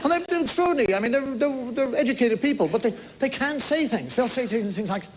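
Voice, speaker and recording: A male comedian on a TV stage rants in an exasperated stand-up monologue. His voice sits unusually high and leaps around as he builds each complaint. A studio audience laughs clearly in the background. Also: animated, fast talker, few pauses, heavy background noise. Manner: exasperated, ranting.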